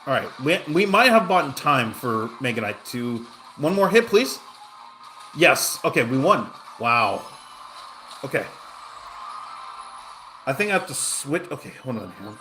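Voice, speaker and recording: A man's voice: mid-range voice, sing-song, a little slow, pauses often, sharp tone, soft background music. A man chatting casually on a livestream, telling a rambling story full of fillers and restarts while reacting to his game. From Southern California. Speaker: game streamer.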